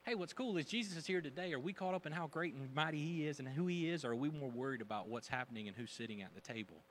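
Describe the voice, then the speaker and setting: A man's voice: a little high, lively intonation, quick pace, slight background noise. A man preaching a sermon to a congregation, joking and acting out gossiping voices as he tells the story. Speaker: pastor.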